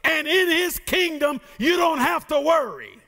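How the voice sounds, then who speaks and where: A man preaching a sermon as pastor, shouting and half singing his lines with playful asides to the congregation. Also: extremely high pitch, animated, measured pace.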